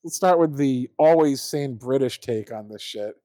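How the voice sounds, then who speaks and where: A man's voice: mid-range voice, moderate pace, dark tone, dry recording. A man hosts a loose political chat and picks apart the articles he reads aloud with sardonic asides. His voice sits in a middle range and sounds close and dry. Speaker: podcast host.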